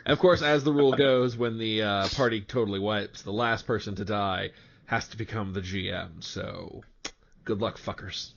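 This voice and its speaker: A man's voice: fairly low pitch, moderate pace, creaky, muffled recording. A man acting as game master, chatting casually with crude, joking asides. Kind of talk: casual podcast banter.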